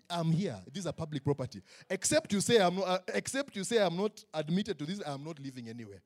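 A man preaching a sermon in a church tent, joking and acting out the people he quotes. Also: a little high. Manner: animated, joking, acts out quotes. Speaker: pastor.

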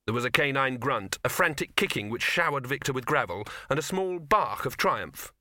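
A man narrating a comic fantasy novel as an audiobook reader, in a dry, measured way. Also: medium pitch, lively intonation, bright, forceful tone, no echo. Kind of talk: scripted narration.

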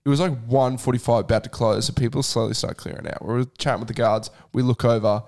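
A man chatting on a podcast in a laid-back, slangy way. He tells stories in an everyday, mid-pitched voice. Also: steady tone, quick pace, darkish tone. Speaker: podcast co-host. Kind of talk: casual storytelling chat.

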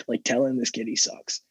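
A man's voice: mid-range voice, fairly bright tone, slightly rough, dry recording, low-quality recording. A young man co-hosting a podcast, telling a story in casual chat, rambling and repeating words as he goes. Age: young adult. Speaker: podcast co-host.

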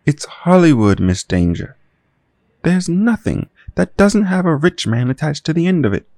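A man's voice: a little high, sing-song, moderate pace, a little mellow, no echo, studio quality, voice pushed up. A man voicing a wealthy Hollywood man who talks with urgent worry in an audio drama.

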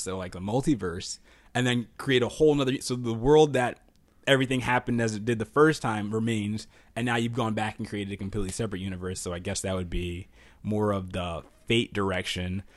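Excitable male podcast host, dry sound. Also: fairly low pitch, fairly quick, no echo. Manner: excitable, laughs easily, thinks out loud. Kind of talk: casual podcast chat.

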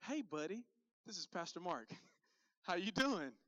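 A man's voice: high-pitched, very animated, a little slow, a bit bright, no room sound, in a large hall, muffled recording, heavily acted. A man quoting a chummy pastor on the phone. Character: friendly male pastor on the phone.

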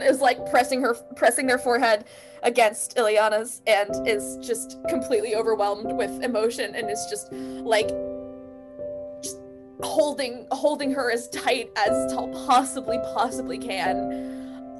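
A woman player describing her character's actions in a tabletop game, eager and halting with many fillers. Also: a little high, music in the background.

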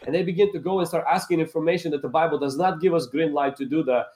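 A man's voice: a little high, steady tone, fast, a little mellow, reverberant. A male pastor speaking as a guest, building emphatic points in an earnest preaching style.

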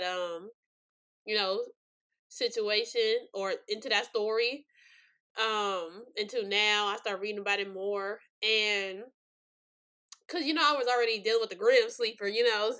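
A woman's voice: medium pitch, bright, forceful tone. A young woman hosting a true-crime podcast, rambling with many fillers and choked up, near tears. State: tearful. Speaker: podcast host.

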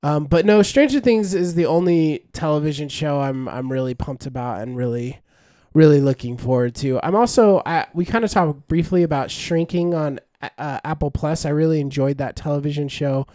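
In a studio-quality recording with no echo, a young male co-host speaks at normal speed in a fairly high yet dark voice. He rambles through casual, enthusiastic podcast chat, restarting and using fillers.

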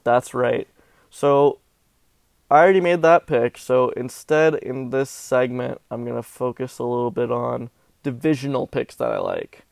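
Gravelly, melodramatic sports-betting host. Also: male voice, mid-range voice, measured pace, no echo. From Southern California. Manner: animated, melodramatic self-mocking complaints. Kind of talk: casual sports betting chat.

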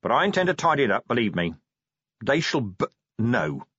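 A man's voice: mid-range voice, very animated, a little fast, a bit bright, husky, no room sound. Man voicing a grim weary watch commander. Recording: dull dry lo-fi audiobook recording.

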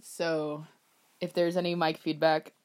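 A young woman chatting on a podcast with a lowish voice. She jokes and teases, her sarcasm easy, with a casual swear thrown in. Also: little pitch movement, measured pace, a little mellow. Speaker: podcast co-host. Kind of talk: casual chat.

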